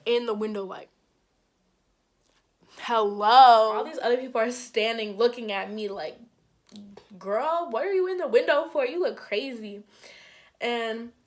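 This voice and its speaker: A young woman telling a storytime vlog in casual chat, acting out quoted lines with big jumps in her voice and lots of "like" fillers. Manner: animated, acts out quotes with big pitch jumps; frequent "like" fillers, conversational. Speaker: vlogger.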